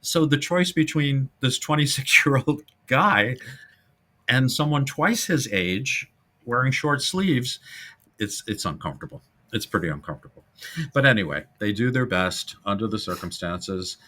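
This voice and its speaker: A man hosting a casual film-history podcast, animated and jokey, now and then breaking into silly voices. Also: medium pitch, normal speed. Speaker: podcast host.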